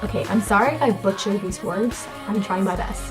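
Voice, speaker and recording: A woman's voice: mid-range voice, a little fast, music in the background. A young woman from the US, chatting casually in a vlog and explaining words with lots of fillers. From United States. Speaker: vlogger.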